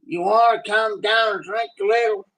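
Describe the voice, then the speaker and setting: A man's voice: sits high, steady tone, moderate pace, pushed and bright, voice pushed up, poor audio. A man quoting a pushy, wheedling woman in his own voice while telling a story. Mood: coaxing.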